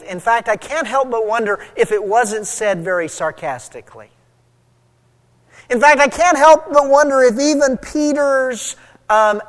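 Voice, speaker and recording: A man preaching a sermon, retelling a story with lively, acted-out voices for the people in it. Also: extremely high pitch. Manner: animated storytelling, acting out quoted voices. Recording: long hall reverb.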